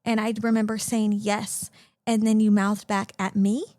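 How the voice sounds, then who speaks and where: A woman's voice: medium pitch, flat delivery, moderate pace, dark tone, dry recording, clean studio sound. A young woman co-hosting a casual parenting podcast, talking in a chatty way with lots of "like" fillers. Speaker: podcast co-host. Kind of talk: casual chat.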